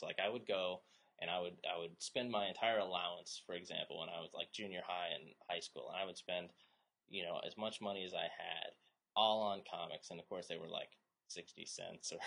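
A man's voice: sits low, creaky, a bit bright. A man in his thirties co-hosting a casual podcast, rambling and joking, now and then slipping into silly voices. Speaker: podcast co-host.

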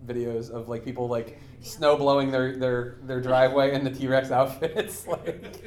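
Animated man telling a story in chat. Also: mid-range voice, a little slow, a little hiss or hum. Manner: animated storyteller, laughs often. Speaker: co-host. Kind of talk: casual chat. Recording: echoey room.

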